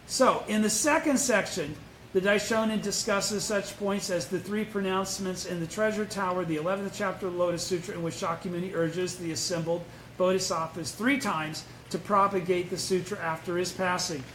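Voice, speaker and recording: Male study-group leader, high voice, blunt emphatic lecturing style; roomy echo. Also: steady tone, moderate pace, a bit bright. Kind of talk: informal Buddhist study lecture. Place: indoor meeting room, live-streamed. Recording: echoey room with faint noise.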